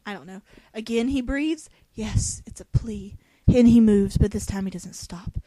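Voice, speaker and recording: A woman's voice: medium pitch, a little slow, warm tone, no echo. A young woman reading a novel aloud in a dramatic voice, breaking off for sarcastic jokes. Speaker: reader.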